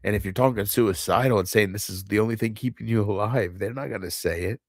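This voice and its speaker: A man speaking in an unscripted confessional monologue to his viewers, halting and heavy, often restarting and trailing off. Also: on the low side, dry recording, studio quality. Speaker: channel host.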